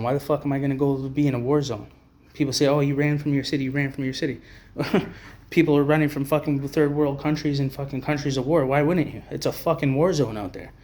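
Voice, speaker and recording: A man's voice: mid-range voice, a little mellow. A man delivering a profane, blunt, rambling to-camera rant as an advocate for homeless people. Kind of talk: ranting to-camera monologue.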